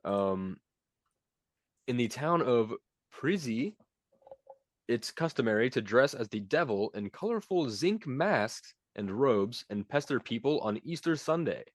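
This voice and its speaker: Young male podcast host, teasing quiz-master delivery, lively pitch, dry close sound. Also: no room sound. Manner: playful, teasing, reads quiz questions quickly. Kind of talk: casual podcast chat.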